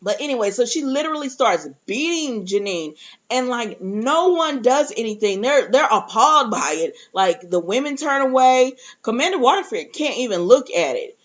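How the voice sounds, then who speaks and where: A young woman, recapping a TV episode in a casual, animated way, acting out quotes and laughing often. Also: fairly high pitch, normal speed. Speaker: TV recap vlogger. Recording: slightly dull lo-fi audio.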